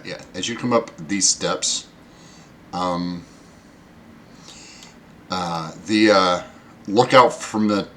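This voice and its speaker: A man narrating as game master, pausing often with fillers. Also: low voice, a bit bright, slight background noise. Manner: hesitant, many fillers.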